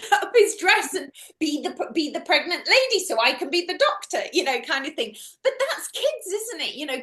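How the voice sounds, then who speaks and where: A woman speaking at a conference, chatty and animated, with lots of "you know". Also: high voice, roomy sound. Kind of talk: conversational talk.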